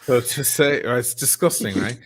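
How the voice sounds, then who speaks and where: A man's voice: mid-range voice, expressive, moderate pace, slight background noise. A tired, slightly drunk man with an Irish accent, hosting a loose chat, swearing freely and laughing. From Ireland. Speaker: podcast host. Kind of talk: casual late-night chat.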